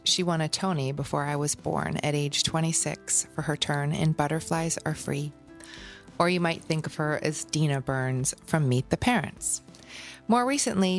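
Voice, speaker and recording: A woman host in her forties with a notably low voice. She reads a polished intro and then asks curious, open questions. Soft music plays faintly underneath. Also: moderate pace. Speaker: podcast host. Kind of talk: scripted intro then casual interview.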